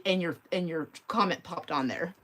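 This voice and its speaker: A middle-aged woman with a fairly low voice chats casually on a live crafting stream. She rambles from story to story, laughs often, and talks straight to her viewers while she works. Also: normal speed, fairly bright tone. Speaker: mixed media art livestream host.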